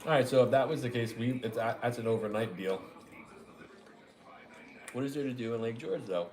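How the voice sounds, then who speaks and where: A man's voice: mid-range voice, a little fast, a little mellow, a little hiss or hum. A young man with a Long Island accent chatting casually with his partner on a stream, rambling and joking and greeting viewers. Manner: rambling, jokey, greets viewers mid-talk. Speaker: live stream host.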